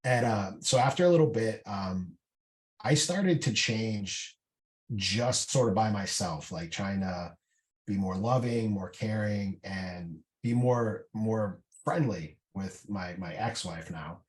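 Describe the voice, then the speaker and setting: A man's voice: fairly low pitch, takes it slowly. A middle-aged man, a veteran guest on a podcast, telling his story in a candid, casual way with many fillers and restarts. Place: indoor podcast room.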